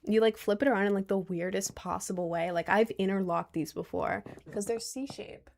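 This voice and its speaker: A woman's voice: medium pitch, steady tone, fairly quick, vocal fry, darkish tone. A woman of twenty chatting casually on a stream, answering viewer questions in a rambling, giggly way with lots of restarts. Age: 20s.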